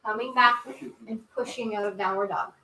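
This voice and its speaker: A woman's voice: on the high side, steady tone, normal speed, bright, forceful tone, recorded from a distance. A woman reading a children's story aloud and leading kids through yoga poses in an encouraging, cheerful way, recorded indoors on a camera mic. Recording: echoey room.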